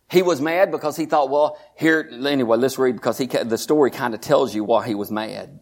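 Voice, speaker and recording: A man preaching a sermon in church, moving from quiet asides to shouted, high-pitched storytelling. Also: animated, moderate pace, few pauses. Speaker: pastor.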